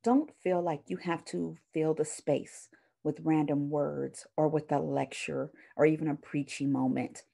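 A woman's low, gravelly, dark voice holds a steady tone and measured pace as she, a counseling professor, gives a recorded university lecture. Conversational and prone to fillers and self-corrections, she shows items to the camera as she teaches.

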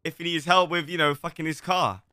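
Brief: a man voicing a cheeky deadpan cop under press questions, bright tense tone, dry close sound. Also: fairly high pitch, brisk, dry recording. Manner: cheeky, deadpan jokey answers. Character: brash male police officer facing a press grilling. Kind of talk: improvised game role-play.

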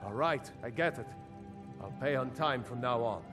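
A man's voice: medium pitch, moderate pace, fairly bright tone, faint music behind, natural voice. An actor voicing a frightened male shopkeeper in a video game, whiny and pleading. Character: panicky male shopkeeper pleading for his wares.

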